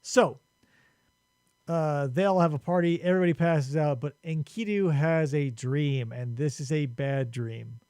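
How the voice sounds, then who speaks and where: A man with a high voice tells an old story as a casual, profane recap, animated and joking. His voice sounds close and dry, with no room echo. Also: a little slow, smooth. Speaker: podcast host.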